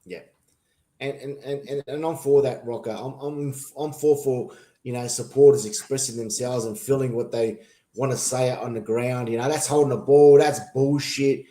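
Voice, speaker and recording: A man's voice: medium pitch, steady tone, normal speed, warm tone. An Australian man in a heated casual debate, earnest, stammering through restarts and swearing freely. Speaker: podcast panelist. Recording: echoey room.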